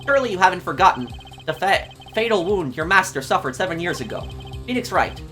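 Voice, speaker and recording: A man's voice: high voice, big pitch swings, quick pace, sharp tone, faint music behind, full character voice. A man voicing an arrogant young male prosecutor with a slipping German accent in a game let's play. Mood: smug. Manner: attempted German accent that slips. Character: arrogant young male prosecutor, showy rock-star swagger. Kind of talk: game dialogue read aloud in a let's play.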